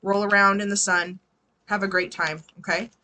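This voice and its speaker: A woman's voice: medium pitch, little pitch movement, normal speed, sharp tone, a little hiss or hum. A woman giving a casual live tarot reading, chatty and laughing often, swearing freely. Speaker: tarot reader.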